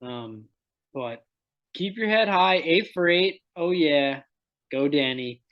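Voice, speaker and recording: Joking, supportive man, slightly high voice. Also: animated, slow pace, highs cut off. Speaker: podcast co-host. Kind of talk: casual chat.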